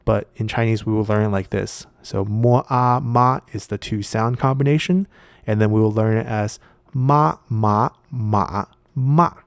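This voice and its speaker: A man's voice: on the low side, steady tone, moderate pace, smooth, no echo, studio quality. A man hosting an explanatory video lesson, explaining patiently and step by step with frequent filler sounds. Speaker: video essay host.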